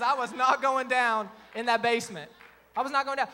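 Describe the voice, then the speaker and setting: A man's voice: very high voice, fairly quick, bright, forceful tone. A young man, preaching a sermon, telling a self-mocking story and acting out the dialogue. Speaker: pastor. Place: church sanctuary with a congregation. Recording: long reverb of a church hall.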